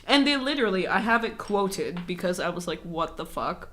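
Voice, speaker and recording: A young woman co-hosting a podcast in casual chat, animated, swearing, laughing and using lots of fillers. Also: on the low side, moderate pace. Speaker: podcast co-host.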